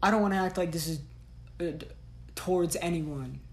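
Blunt, profane woman with a low voice. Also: moderate pace. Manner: blunt, profane, slangy tough-love ranting. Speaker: podcast host. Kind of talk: solo podcast monologue.

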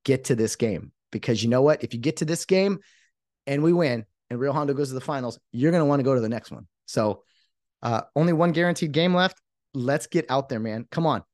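Man, podcast host, excited and emphatic, rambling restarts, middle pitch, dry close sound. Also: fairly quick, dry recording.

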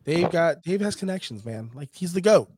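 A man hosting a casual sports chat, laid-back and profane, quick to laugh. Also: fairly high pitch, expressive, very noisy. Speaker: podcast host.

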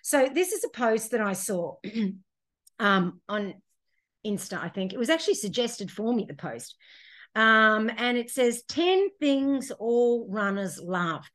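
Brief: chatty woman co-host, fairly high voice, quick asides, laughs a lot. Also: animated, fairly bright tone. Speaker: podcast co-host. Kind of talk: casual chat.

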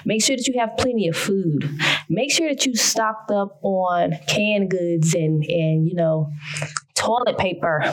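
A woman with a country Southern American accent talks through her own podcast episode. Her manner is folksy and emphatic, with a preachy streak. Her voice sits at an ordinary middle pitch. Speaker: podcast host. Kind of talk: casual solo podcast talk.

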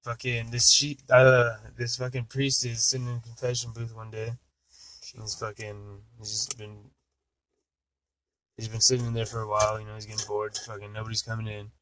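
A man's voice: fairly low pitch, monotone, moderate pace, a bit bright, slight background noise, rough recording. A young man telling a dirty joke in casual chat, rambling and cursing constantly.

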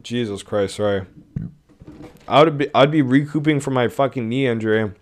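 A man's voice: medium pitch, normal speed. A young man hosting a podcast, ranting in a rambling, profane, exasperated way. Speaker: podcast host. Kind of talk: casual rant.

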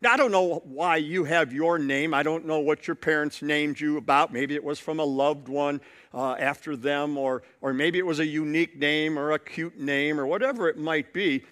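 A man's voice: on the high side, normal speed, fairly bright tone. A male pastor preaching a sermon, telling a story and building points through repetition.

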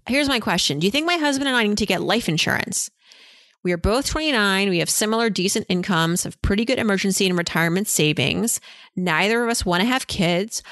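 Woman, advice podcast host; frank, chatty, filler-heavy delivery at a mid pitch, close and dry. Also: a bit bright, no echo. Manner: chatty, frank, many "you know" fillers. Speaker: personal finance podcast host. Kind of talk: answering listener questions, casual advice.

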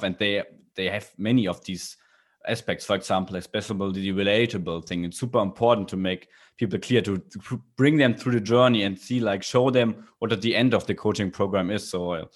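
A man hosting a podcast, talking casually with many fillers and restarts as he responds to his guest. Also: on the low side. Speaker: podcast host. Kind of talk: casual interview chat.

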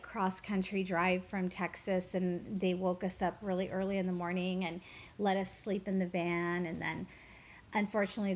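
Woman guest, spiritual teacher, reflective interview storyteller, earnest, mid-range voice, halting repeats. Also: mid-range voice, a little hiss or hum.

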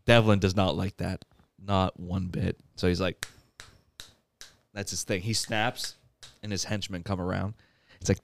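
A man's voice: low voice, little pitch movement, a little slow, creaky. A man hosting a podcast, casually recapping a comedy movie and laughing often as he tells it. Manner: laughs often while retelling. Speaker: podcast host.

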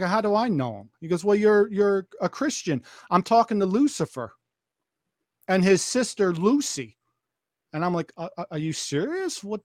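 Though high-pitched, this man's voice has a darkish tone as he retells a story in a relaxed podcast conversation. He acts out quoted lines and keeps circling back with restarts and repetitions, recorded close and dry with no room sound.

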